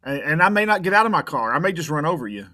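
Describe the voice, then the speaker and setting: A man's voice: on the high side, very animated, very fast, sharp tone, no room sound, clean studio sound. A man talking casually on a podcast as a private investigator guest, blunt and tough, often repeating words as he goes.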